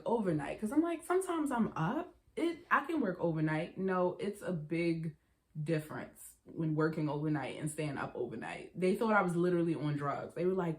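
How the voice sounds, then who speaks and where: A young woman vlogger chatting casually through a storytime, acting out what people said to her in quick quoted voices. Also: sits low.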